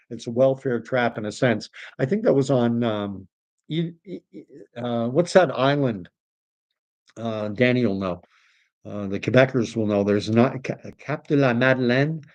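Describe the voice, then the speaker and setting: A man from Canada hosts a casual livestream and talks at an even middle pitch. He rambles, breaks off and restarts as he reads out viewer comments. The sound is dry and close, with no room echo. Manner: rambling, self-correcting, reads comments aloud. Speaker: livestream host.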